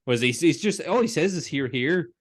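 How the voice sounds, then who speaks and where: A Northern Irish man co-hosting a casual review chat, animated, swearing and quoting lines. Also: fairly high pitch, fairly quick, slightly rough. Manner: animated, swears, quotes lines in put-on voices, laughs often. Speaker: podcast co-host.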